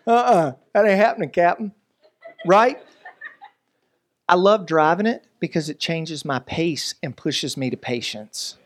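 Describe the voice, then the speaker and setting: A man, preaching a lively, joking sermon as pastor. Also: a little high, a little slow. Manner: animated, joking, preacherly delivery with voices and asides.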